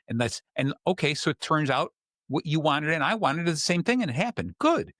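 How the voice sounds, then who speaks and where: A man's voice: mid-range voice, animated, a little fast, fairly bright tone, no room sound, studio quality. A man hosting a podcast, explaining in casual chat with acted-out examples and plenty of fillers. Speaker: podcast host.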